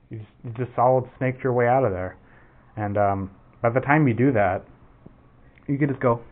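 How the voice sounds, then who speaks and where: Over faint noise and tinny, phone-quality sound, a man briskly shows off airsoft equipment in a casual demo. His voice is mid-range, and he rambles and curses, often starting over.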